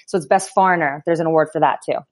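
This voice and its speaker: A woman's voice: sits low, racing. A woman guest on a podcast, telling a story casually with laughs and acted-out quotes. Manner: animated anecdotes with laughs and quoted voices. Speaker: guest, pro basketball player.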